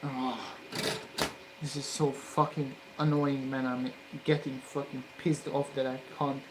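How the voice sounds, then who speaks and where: A maker filming his electronics work keeps up a muttered running commentary while soldering, grumbling quietly before bursting into loud, profane yelling. His voice is medium-pitched and measured, and the low-quality recording has steady background noise.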